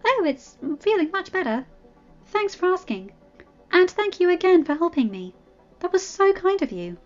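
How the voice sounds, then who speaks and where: Perky high storybook troll princess, put on by a woman reader, loud and sing-song. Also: very animated, moderate pace, dull audio, soft background music. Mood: grateful. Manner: cheerful, sing-song, pleading. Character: bubbly upbeat young female troll princess.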